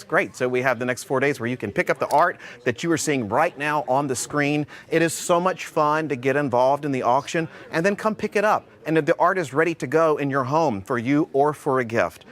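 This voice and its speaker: Male phone bank host, mid-pitched, energetic, pushes viewers to call. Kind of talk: live TV pledge pitch. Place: TV studio.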